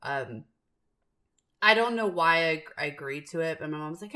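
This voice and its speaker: A woman co-hosting a book podcast, telling stories in animated casual chat and laughing often. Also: low-pitched, moderate pace. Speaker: podcast co-host.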